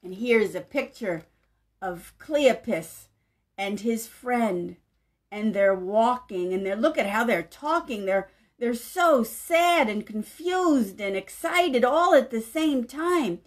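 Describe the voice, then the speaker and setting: Reading a picture book to young children, a woman pastor speaks brightly and high. She takes her time, her delivery gently lilting and animated, and breaks off to ask the little ones questions during this story time.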